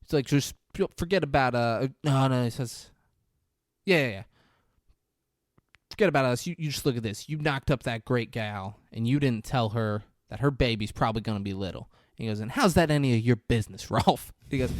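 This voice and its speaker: A male podcast co-host casually retells a film scene, acting out the characters' lines and laughing along. His voice is medium-pitched at a normal speed, recorded dry with clean studio sound.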